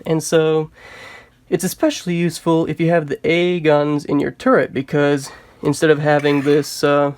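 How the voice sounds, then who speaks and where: Brief: chatty male game host, a bit high-pitched, dry close sound, casual. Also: little pitch movement, normal speed, darkish tone, dry recording. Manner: chatty, many filler words. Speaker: tabletop game reviewer.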